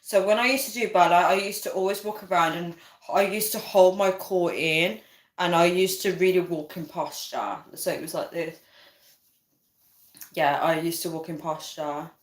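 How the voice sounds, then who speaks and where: A woman's voice: lowish voice, fairly even intonation, moderate pace. A young woman, hosting a casual livestream and chatting, giggling and reading viewer comments aloud. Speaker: livestream host. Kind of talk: casual live chat. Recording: echoey room.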